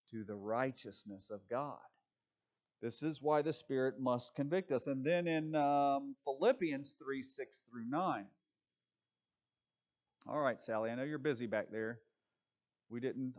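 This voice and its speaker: A man preaching a conversational sermon, reading scripture slowly and rising to emphatic peaks. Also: medium pitch.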